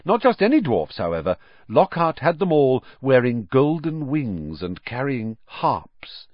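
Animated male audiobook narrator. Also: medium pitch, a little slow, dry recording, highs cut off. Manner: expressive, animated reading. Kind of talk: scripted narration.

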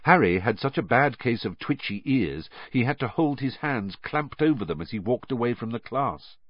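A man narrating an audiobook in a steady, expressive reading. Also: medium pitch, normal speed, husky, dry recording, dull audio.

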